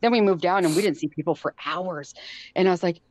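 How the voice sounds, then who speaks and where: A woman's voice: fairly low pitch, fast, dry recording. A middle-aged woman telling a story casually on a podcast, laughing often and acting out what people said. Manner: animated, laughs often, acts out quotes. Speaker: guest. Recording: dull lo-fi sound.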